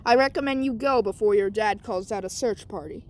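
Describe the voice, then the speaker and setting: A woman voicing a calm, matter-of-fact robot sidekick in a homemade story. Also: mid-range voice, a little fast, a little hiss or hum, pitched below the performer's own voice, close to an everyday voice. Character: helpful robot sidekick, amused.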